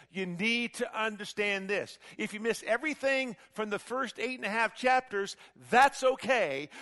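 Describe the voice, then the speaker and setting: A man's voice: high voice, gravelly, pushed and bright, in a large hall, full character voice. A man voicing a male archangel messenger, speaking in an emphatic, insistent, conversational way.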